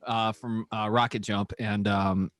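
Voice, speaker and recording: A man's voice: lowish voice, flat delivery, a little slow, fairly bright tone. A man in a casual podcast chat, rambling with many filler words.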